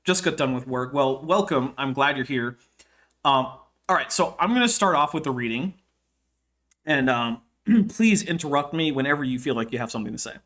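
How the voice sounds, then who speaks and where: A man's voice: mid-range voice, lively intonation, moderate pace, a bit bright. A man hosting a casual livestream, joking and reading a text aloud with chatty asides. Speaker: host.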